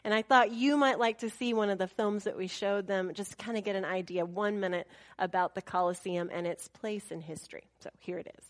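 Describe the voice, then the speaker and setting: A woman telling a travel story in a casual, animated way, laughing often, mimicking people and dropping into soft asides. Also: mid-range voice, fairly quick, hardly any pauses.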